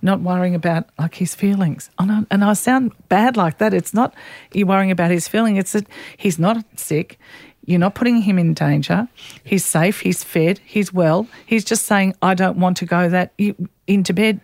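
A woman's voice: mid-range voice, normal speed, a little mellow, no room sound. A middle-aged woman hosts a podcast in a loose, chatty way, often doubling back on her words and breaking into laughter. Her voice sits in a medium range. It is recorded close and dry, with no room sound. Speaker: podcast host. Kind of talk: casual chat.

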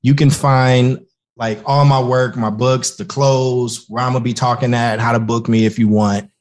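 An earnest man talks as a guest in a relaxed interview. His voice sits at an ordinary middle pitch, and his speech comes in quick, effusive bursts with frequent restarts. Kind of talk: casual interview talk.

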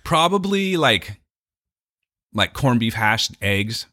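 A man's voice: mid-range voice, big pitch swings, slow pace, sharp tone. An older man co-hosting a casual chat, laid-back and joking.

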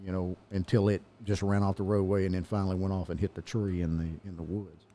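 A man's voice: deep voice, flat delivery, fast talker, dark tone. A man in a casual conversation, reacting to stories and often restarting his sentences as he talks.

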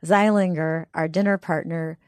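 A woman's voice: low voice, fairly even intonation, moderate pace, a little mellow, smooth, no echo. A woman co-hosting a talk show, reacting with enthusiasm and introducing the next story. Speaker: podcast co-host. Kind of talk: casual chat.

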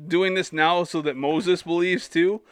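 A man's voice: sits high, steady tone, a little slow, smooth, no room sound, clean studio sound. A man co-hosting a Bible discussion, reading passages aloud and joking about them. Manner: reads passages, then jokes and laughs. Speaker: co-host reading scripture.

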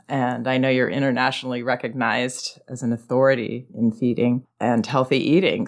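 A woman hosting a podcast, introducing and questioning her guest in an earnest, admiring way. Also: rumbling low. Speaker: podcast host. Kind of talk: interview hosting.

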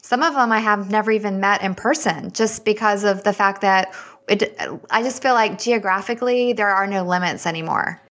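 A woman's voice: medium pitch, a bit bright. A woman from Virginia with a Southern accent, a guest author talking in a friendly, chatty way on a remote call. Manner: chatty, friendly, quick laughs. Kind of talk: casual interview chat.

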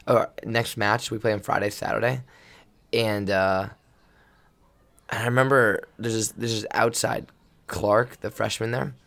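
A man's voice: lowish voice, a little slow, vocal fry, pauses often. A man who coaches volleyball, chatting casually on a podcast and rambling through stories with lots of restarts. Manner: rambling, animated storyteller with many restarts. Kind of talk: casual storytelling chat.

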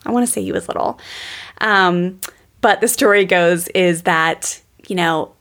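A woman's voice: lowish voice, unhurried, gravelly, a bit bright. A woman teaching parenting on a podcast, chatty and storytelling, often calling her listeners "guys". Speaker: parenting educator.

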